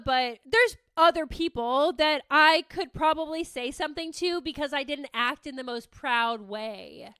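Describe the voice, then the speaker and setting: A podcast host in her thirties talks casually and candidly in a high, fairly bright voice, packing in "like" fillers, swearing freely, and mocking herself. The sound is clean, studio-quality, with no room sound.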